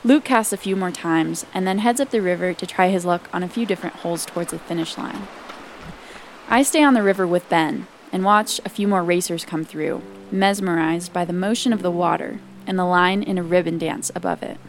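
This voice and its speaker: A woman reporter narrating a documentary feature in a calm, reflective storytelling manner. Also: on the low side, brisk, slight background noise.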